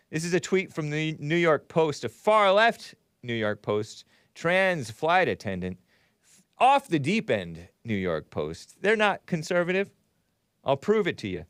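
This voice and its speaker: Man, show host, rambling commentary, sarcastic asides, frequent chuckles, animated pitch, dry close sound. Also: clear, resonant tone, no room sound. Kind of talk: live commentary show, reading chat.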